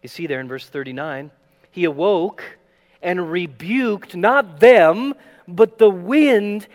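A man preaching a sermon, dramatic, shifting from loud acted quotes to hushed asides. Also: high-pitched, slow pace. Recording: long reverb of a large hall, faint mains hum.

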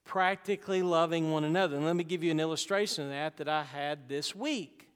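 A man's voice: on the high side, fairly quick, few pauses, fairly bright tone, clean tone. A male pastor, preaching a sermon with emphatic delivery and folksy asides. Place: church sanctuary. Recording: long hall reverb.

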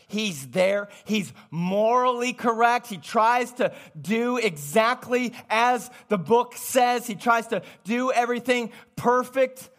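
A male preacher with a strikingly high voice, delivering his sermon in a lively, conversational way. He talks directly to the congregation and swings between raised, urgent passages and hushed, intimate ones. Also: takes it slowly, few pauses.

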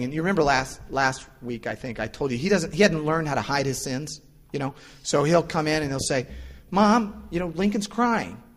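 Male pastor preaching in a reverberant hall. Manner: casual and explanatory, acts out quoted voices with lively pitch jumps. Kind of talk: conversational sermon. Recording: long reverb of a large hall.

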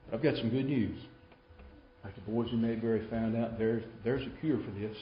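Male preacher, dramatic storyteller, big-to-hushed dynamics; dull, roomy live pickup. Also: medium pitch, fairly even intonation, moderate pace, a little hiss or hum. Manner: dramatic storytelling, swings between loud and hushed. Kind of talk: sermon.

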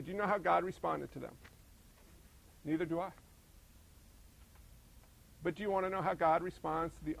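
Gravelly, high-voiced preacher, emphatic and questioning. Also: male voice, rough recording. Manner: emphatic, lots of rhetorical questions, swings from loud to hushed. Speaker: pastor. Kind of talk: sermon.

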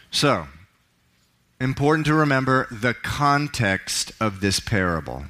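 A man, a pastor, preaching a sermon in church, reading scripture with dramatic swells and hushed drops. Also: mid-range voice, big pitch swings, measured pace. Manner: dramatic, swells up on key words and drops to a hush.

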